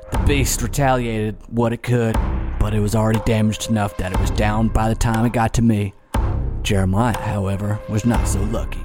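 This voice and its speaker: A man voicing a frontier-town mayor in a put-on accent, telling a long grim tale in drawn-out monologues. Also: fairly low pitch, lightly acted. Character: male small-town mayor, shaken gunslinger-era storyteller. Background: music.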